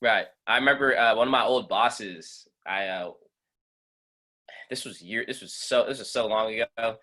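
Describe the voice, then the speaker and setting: A man co-hosting a casual podcast, telling a story in a relaxed, halting way with fillers. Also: fairly low pitch. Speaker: podcast co-host.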